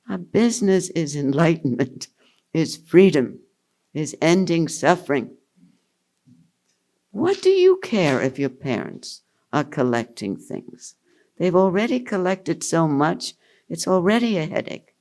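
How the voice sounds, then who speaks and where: An older woman teaching at a retreat, answering questions in an unhurried, amused way and laughing often. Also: low voice, a little mellow. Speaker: spiritual teacher.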